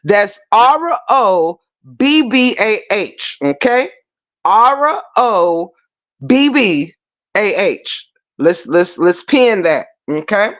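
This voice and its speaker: A livestream host casually retelling a story to the chat, animated and profane, with emphatic, drawn-out phrases. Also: medium pitch, lo-fi sound. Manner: animated and profane, with frequent laughing fits.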